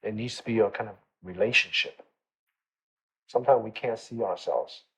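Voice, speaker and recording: A man's voice: on the low side, normal speed, fairly bright tone, breathy edge, poor audio. A man teaching a meditation class in a conversational way, often checking in with his listeners and repeating phrases for emphasis. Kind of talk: dharma talk to a class.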